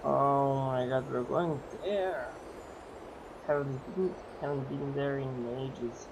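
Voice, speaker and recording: A man's voice: mid-range voice, fairly even intonation, slow pace, background noise. A man streaming a video game, giving casual, offhand commentary.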